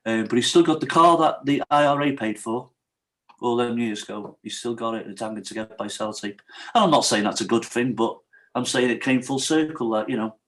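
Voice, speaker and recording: Animated storytelling man. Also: medium pitch, brisk, poor audio. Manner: animated storyteller, acts out quotes, often asks "right?". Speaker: podcast guest. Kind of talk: candid storytelling.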